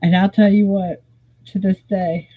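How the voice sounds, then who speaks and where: Slow, husky live stream storyteller. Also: medium pitch. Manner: rambling, animated, swears freely. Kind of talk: casual storytelling. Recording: tinny phone-like audio.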